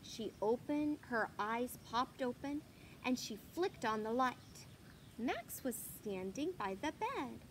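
A woman reading a children's picture book aloud, animated and asking the listener questions. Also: fairly high pitch, takes it slowly, slight background noise. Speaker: storyteller.

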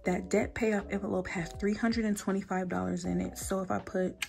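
A woman's voice: medium pitch, level tone, a little fast, gravelly, a little mellow. A young woman, a budgeting vlogger chatting to camera, emotional and close to tears, repeating herself. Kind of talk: casual chat to camera.

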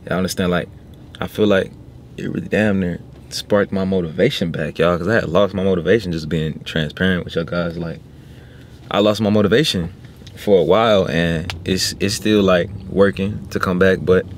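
A young man in his 20s from Little Rock, Arkansas, speaks in a low, fairly even voice at normal speed. Vlogging from inside a car, he talks casually and reflectively to his viewers, using slang, over noisy car-interior sound.

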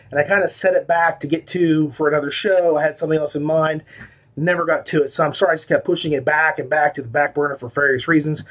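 A man's voice: a little high, a bit bright, husky. Rambling man hosting a book-review podcast. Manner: rambling, with many fillers and restarts. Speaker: podcast host reviewing audiobooks. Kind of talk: casual spoken review.

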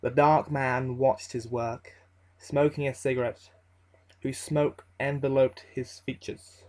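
A man reading a horror story aloud as its narrator, in a slow, measured and ominous delivery. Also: mid-range voice, steady tone, a little mellow, rough recording.

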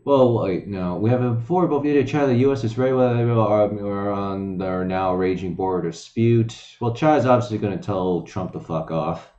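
A man streaming from home reads the news aloud and rants at it casually, with lots of swearing and mumbled asides, barely pausing. His voice is lowish and warm at a moderate pace. A desk mic in an echoey room produces slightly dull lo-fi audio.

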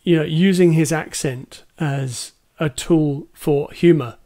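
Hesitant, enthusiastic male podcaster, higher voice. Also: takes it slowly, warm tone. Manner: hesitant, many ums, enthusiastic. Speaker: podcast co-host. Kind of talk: casual film discussion.

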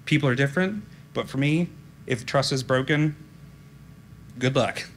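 Flat-toned man giving a conference talk. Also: mid-range voice, measured pace, a little hiss or hum. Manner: direct, informal, frequent ums. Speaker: conference speaker. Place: conference room.

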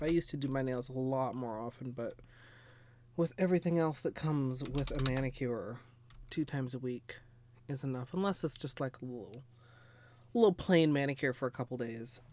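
A woman streaming nail art, chatting casually and ramblingly with viewers while a bit under the weather, clearing her throat now and then. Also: extremely low pitch, moderate pace, darkish tone, slight background noise. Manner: rambling, chatty, greets viewers, frequent laughs and fillers. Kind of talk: casual livestream chat.

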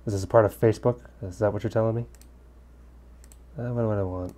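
A man's voice: fairly low pitch, brisk, pauses often, mellow. Chatty man reading a visual novel. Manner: chatty, joking asides while reading the game text. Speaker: let's-play gamer. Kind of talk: casual game commentary with read-aloud dialogue. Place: at home in Korea.

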